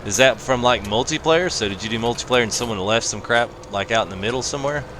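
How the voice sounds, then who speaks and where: A man's voice: medium pitch, fast talker. A man hosting a live game stream, chatting casually and joking while reading out chat comments. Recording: loud game engine noise behind.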